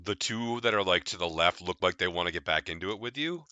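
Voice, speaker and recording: A man's voice: low-pitched, fast, very noisy. A man running a tabletop game as game master, narrating casually with crude jokes and laughter.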